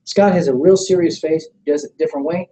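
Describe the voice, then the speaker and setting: A middle-aged man leading a motivational sales training seminar. He coaches with energy, keeps checking that the room is following, and acts out sample pitches. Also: quick pace, warm tone, a little hiss or hum, rough recording. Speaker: network marketing trainer.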